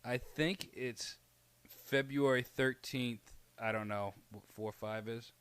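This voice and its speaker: Bright, teasing man from Canada. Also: mid-range voice, fairly even intonation, clean tone, dry recording. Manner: teasing, quick interjections. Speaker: podcast co-host. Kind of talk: casual chat.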